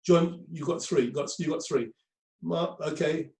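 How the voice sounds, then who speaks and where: Give me a man teaching a group in a roomy, echoing space. His voice sits a little high for a man, and he talks in a loose, conversational way, stumbling over repeated words. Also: moderate pace, gravelly, a little mellow. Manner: conversational, repeats himself, many ums. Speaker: crisis management trainer. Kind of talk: lecture to a group.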